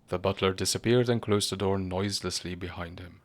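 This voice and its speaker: A man narrating a storybook reading in a measured, grave manner. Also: sits low, steady tone.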